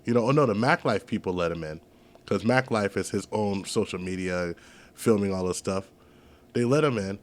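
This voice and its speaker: A man chatting as a podcast guest, telling stories in an animated, profane way. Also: on the low side, moderate pace. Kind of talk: casual podcast chat.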